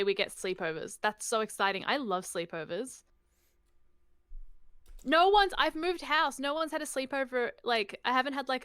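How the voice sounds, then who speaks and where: A woman's voice: fairly high pitch, a bit bright, clean tone, no echo. An Australian woman rambling in casual chat as a stream guest, giggly and full of "like".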